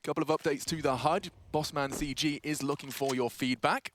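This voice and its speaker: Young male play-by-play caster, high and excitable; noisy live feed with clicks. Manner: excitable, quick reactions to the action. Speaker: esports caster.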